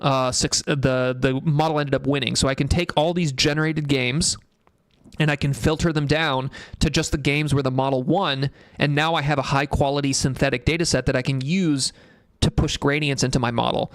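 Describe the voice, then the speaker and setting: A man's voice: mid-range voice, fairly even intonation, moderate pace, smooth, no echo, studio quality. A man hosting a casual tech livestream, rambling in a blunt, profane way and reading chat comments aloud. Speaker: livestream host.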